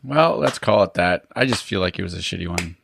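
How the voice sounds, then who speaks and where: A man's voice: deep voice, animated, brisk, gravelly, a bit bright, a little hiss or hum. A young man co-hosting a casual podcast, wry and self-deprecating. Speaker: podcast co-host. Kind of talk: casual chat.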